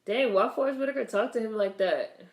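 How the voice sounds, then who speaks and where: A woman's voice: fairly high pitch, a little fast. Chatty young woman reacting, roomy echo. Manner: chatty, wry asides, talks back to the screen. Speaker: vlogger reacting to a film. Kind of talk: casual watch-along commentary.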